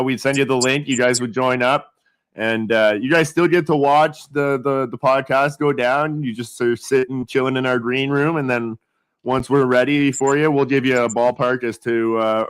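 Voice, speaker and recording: A man's voice: medium pitch, flat delivery, moderate pace, clear, resonant tone. Laughing, joking podcast co-host man. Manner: laughs often, loose and joking. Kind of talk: casual comedy podcast chat.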